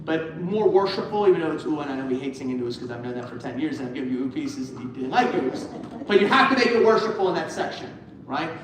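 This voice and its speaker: A man's voice: a little high, expressive, quick pace, a crowd in the background. A man directing a choir rehearsal, coaching singers and singing short phrases to show them how. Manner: coaching, sings phrases to demonstrate. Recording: echoey, far from the mic, with music.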